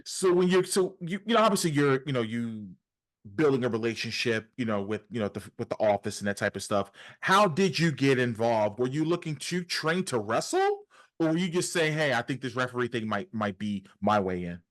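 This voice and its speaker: Male podcast host, casual interviewer, rambling questions, mid-pitched voice. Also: sing-song, a little fast. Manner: rambling questions full of fillers.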